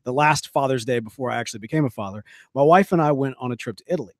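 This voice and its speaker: A man's voice: mid-range voice, very fast, dry recording, studio quality. A man co-hosting a pipe tobacco podcast, telling stories in a rambling, self-correcting way. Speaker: podcast co-host. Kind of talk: casual chat.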